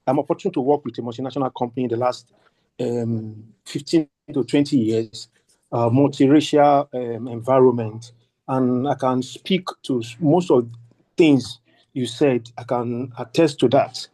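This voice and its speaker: A man's voice: mid-range voice, warm tone. A middle-aged man with a Nigerian accent, politely thanking the speaker and asking a long question in an online workshop. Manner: polite, effusive thanks, halting restarts. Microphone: video call.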